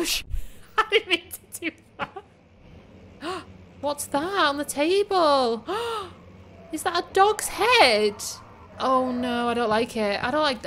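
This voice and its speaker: A woman's voice: high-pitched, a bit bright, a little hiss or hum. A young woman playing a horror game live, talking to herself, shrieking at scares and laughing at herself. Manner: jumpy, screams and laughs, chatty. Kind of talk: live gameplay commentary.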